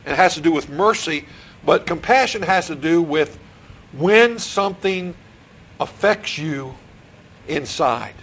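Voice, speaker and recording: Middle-aged male pastor, gravelly slightly high voice, preaching style with repeated questions to the room. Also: expressive, slow pace, a bit bright, rough recording. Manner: repeats questions to the congregation, restarts phrases. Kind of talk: sermon. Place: church sanctuary.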